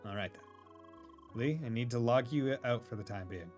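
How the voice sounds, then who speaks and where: A man's voice: medium pitch, normal speed, darkish tone, faint music behind, natural voice. A man voicing a formal, secretive man who speaks stiffly and carefully.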